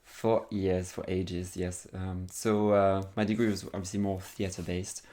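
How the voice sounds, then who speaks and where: A man's voice: low voice, level tone, measured pace, mellow. A man from France with a French accent, a guest in an interview, cheerful and laughing, with frequent hesitations. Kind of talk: conversational interview.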